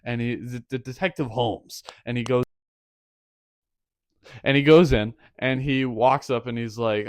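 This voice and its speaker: A man's voice: medium pitch, measured pace, pauses often, dry recording. A young man hosting a record review, animatedly retelling a story in a rambling, laughing way. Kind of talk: casual review monologue.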